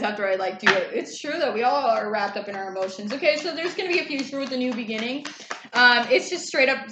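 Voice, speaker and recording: A woman's voice: on the high side, a bit bright. A woman reading tarot in a casual, chatty way, loose and swearing freely. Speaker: tarot reader. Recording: echoey room, faint background noise.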